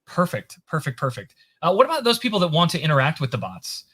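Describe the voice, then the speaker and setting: A man's voice: fairly high pitch, wildly swooping pitch, fast talker, a bit bright, breathy edge. Friendly male show host on a video call. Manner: friendly, hesitant restarts. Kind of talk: casual interview chat.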